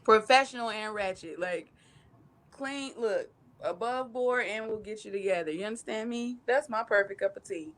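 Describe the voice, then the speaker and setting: A woman on a live stream, tearful and laughing as she gives effusive shout-outs while reading comments. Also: mid-range voice, normal speed. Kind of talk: emotional casual chat, reading comments.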